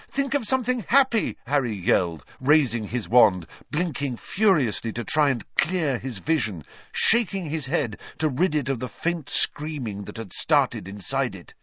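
A man reads a story aloud at an unhurried, dramatic pace. His voice rises and falls widely as he builds tension. The recording is dry and slightly dull, like a home lo-fi setup. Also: fairly low pitch, dry recording. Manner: slow, dramatic, expressive narration. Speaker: narrator. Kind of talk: storybook reading.

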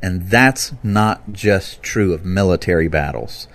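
Man with a fairly low voice, teaching. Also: a little slow. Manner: animated, rises to loud bursts when quoting scripture. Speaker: Bible teacher. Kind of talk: conversational teaching talk.

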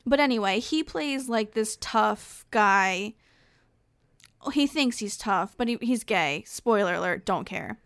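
A young woman co-hosting a podcast, speaking bluntly in casual chat, swearing and restarting in quick bursts. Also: medium pitch, lively intonation, fairly bright tone, clear, resonant tone, no room sound, clean studio sound. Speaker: podcast co-host.

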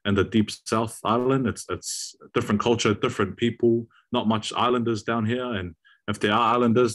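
A young man with a New Zealand accent, a university student guest chatting in a relaxed way with frequent restarts. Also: mid-range voice, normal speed. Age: young adult. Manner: relaxed, repeats words when starting. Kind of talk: casual chat.

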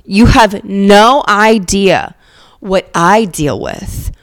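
A woman quoting a long-suffering male airport security clerk in a slightly lowered, self-pitying voice. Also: expressive, extremely slow, no room sound. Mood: weary.

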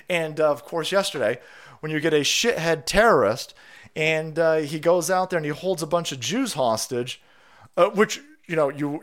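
A man's voice: fairly high pitch, a bit bright. A man hosting a livestream, delivering a profane, sarcastic political rant. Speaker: livestream host. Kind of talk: ranting political commentary.

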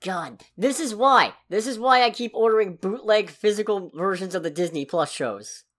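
A woman's voice: medium pitch, expressive, normal speed. A woman co-hosting a podcast, chatting casually with a sarcastic, ranting edge. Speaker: podcast co-host. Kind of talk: casual chat.

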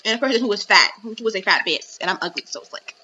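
A woman's voice: medium pitch, expressive, rapid-fire, bright, forceful tone, dull audio, slight background noise. A young adult woman hosting a podcast, ranting animatedly in casual chat with lots of fillers. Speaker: podcast host.

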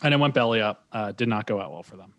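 A man's voice: lowish voice, quick pace, no room sound. A man co-hosting a podcast, recapping a movie in casual chat with frequent chuckles. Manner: animated recapping, chuckles often. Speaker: podcast co-host.

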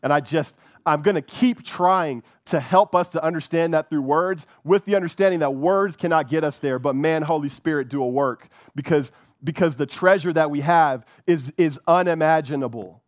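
Fervent male preacher, rising higher voice. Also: normal speed, no room sound, clean studio sound. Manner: fervent, repeats words, keeps asking "right?". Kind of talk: sermon.

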